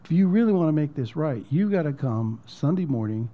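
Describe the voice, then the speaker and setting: A pastor delivers a sermon as conversational storytelling, his fairly high voice brisk with lively intonation over phone-quality sound. He repeats words and sinks almost to a whisper at emotional moments.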